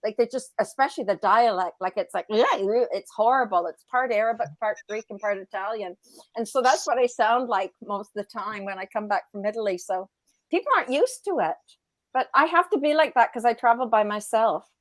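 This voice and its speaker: A woman talking casually on a group livestream, laughing and telling stories in an animated way. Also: a little high, a little fast, dry recording.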